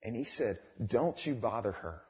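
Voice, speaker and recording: A young man giving a fervent testimony in a sermon, dropping quiet and then rising to exclamations. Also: medium pitch, expressive, moderate pace. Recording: dull lo-fi recording.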